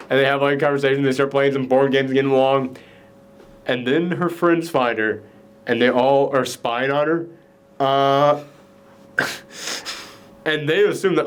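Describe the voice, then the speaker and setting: A man hosting a casual movie review chat, retelling the plot in an animated way with lots of "like" fillers. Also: mid-range voice, unhurried, pauses often, clear, resonant tone. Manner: animated storytelling, frequent "like" fillers. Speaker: podcast host.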